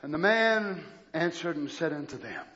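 Male preacher, very bright and piercing tone, fiery shouted sermon. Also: fairly high pitch, animated, normal speed. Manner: fiery, shouting, mocking impressions. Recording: lo-fi muffled sound.

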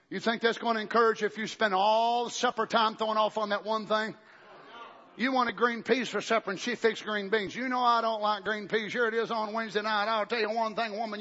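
A man preaching a fiery revival sermon, bursting into shouts and then dropping low and conversational. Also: in a large hall. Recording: dull lo-fi recording.

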